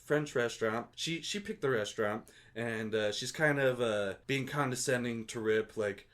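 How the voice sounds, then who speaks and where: A man's voice: medium pitch, normal speed, fairly bright tone. Laughing man recapping a movie. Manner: laughs often while recapping, loose and amused. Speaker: podcast co-host. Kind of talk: casual movie recap chat.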